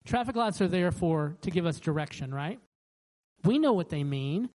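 In a mid-range voice at normal speed, this pastor delivers a conversational, animated sermon on a rough recording. He voices the characters in his stories and often starts his sentences over.

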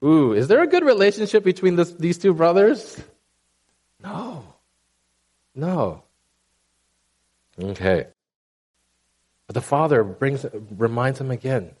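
Animated man preaching conversationally. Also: a little high, takes it slowly, pauses often. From Asian background. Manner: conversational, animated, checks in with "right?" and "okay?". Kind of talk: sermon.

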